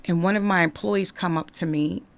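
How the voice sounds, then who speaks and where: A woman telling her life story as a podcast guest, in an animated, conversational way that acts out the dialogue. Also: fairly low pitch, moderate pace, vocal fry. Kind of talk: candid storytelling in a podcast interview.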